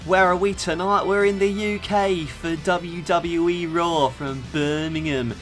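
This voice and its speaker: A man's voice: high voice, fairly even intonation, a little slow, faint music behind, pitched above the performer's own voice. A man putting on a hammy mock-British accent. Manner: exaggerated, loud, sing-song. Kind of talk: jokey podcast intro.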